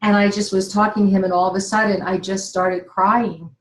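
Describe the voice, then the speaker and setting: A middle-aged woman speaks earnestly and with feeling, sharing a personal story as a motivational talk. Her voice sits at an ordinary pitch, and the room around her has a noticeable echo. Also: little pitch movement, fairly quick. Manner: earnest and emotional, laughs between words. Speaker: inspirational speaker. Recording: roomy echo.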